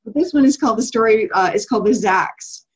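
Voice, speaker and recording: A woman's voice: fairly high pitch, fairly quick, husky. A woman leading a business coaching group call, enthusiastic and affirming, laughing often as she talks.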